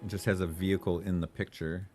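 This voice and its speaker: Low-voiced man streaming a game. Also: fast talker, faint music behind. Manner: relaxed, thinking aloud, swears. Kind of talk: casual live-stream chat.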